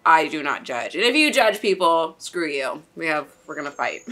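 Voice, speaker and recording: A woman's voice: sits low, very animated, moderate pace, fairly bright tone, soft background music. A young woman hosting a casual anime reaction, chatty and exclamatory, swearing and laughing as she talks.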